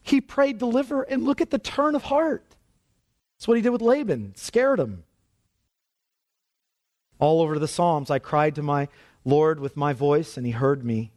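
A man's voice: expressive, a little slow, pauses often, a little mellow. A man preaching an expository sermon, asking the congregation questions and swinging his delivery for emphasis. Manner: dramatic swings in pitch and pace for emphasis; asks the audience questions.

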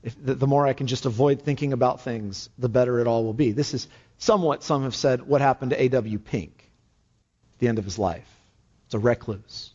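A pastor preaching a sermon, earnest and rising to fervent exhortation. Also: male voice, mid-range voice, animated, a little fast. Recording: dull lo-fi sound.

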